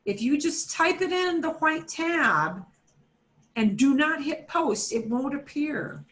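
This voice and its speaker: A woman's voice: sits high, animated, takes it slowly, fairly bright tone. A woman teaching a beginner Spanish class over a video call, chatty and repetitive, with fillers and self-corrections, switching between English and Spanish. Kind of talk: online class instruction.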